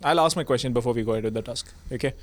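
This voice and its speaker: A young man, judging a comedy audition and explaining things in a rambling, halting way with many restarts. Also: mid-range voice, background noise. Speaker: audition judge. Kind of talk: casual comedy chat.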